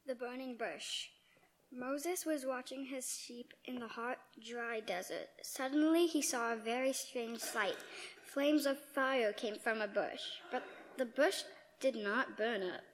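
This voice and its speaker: A woman reads a children's Bible story aloud with slow, deliberate care. Her voice sits a little high, and it rings out with a long reverb from a large hall. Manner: slow, careful storybook reading. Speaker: scripture reader.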